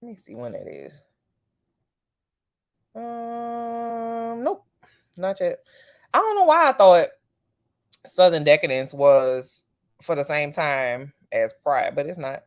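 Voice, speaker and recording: A vlogger chatting casually to the camera, slangy and loose. The voice sits at a middling pitch and leaps sharply upward for emphasis, then drops back to a low, easy murmur. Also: big pitch swings, slow pace, long pauses. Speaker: vlogger, parent. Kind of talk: casual chat to camera about TV shows.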